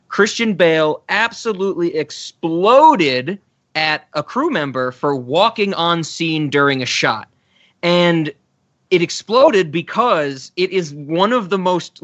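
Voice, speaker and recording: Bright-voiced man co-hosting a podcast. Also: a little high, lo-fi sound. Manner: laughs often, rambling asides. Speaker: podcast co-host. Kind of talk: casual podcast chat.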